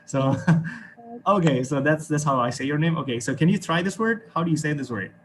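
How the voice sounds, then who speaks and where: A man's voice: a little high, animated, a little fast, a bit bright, slight background noise. Indonesian man teaching English online. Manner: encouraging, repeats words, frequent okay and right.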